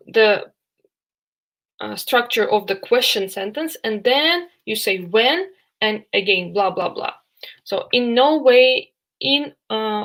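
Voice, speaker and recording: A woman with a fairly high voice walks through a grammar lesson. She talks slowly and unhurriedly, pausing often on fillers and restarting phrases as she explains each example. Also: low-quality recording. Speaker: English teacher.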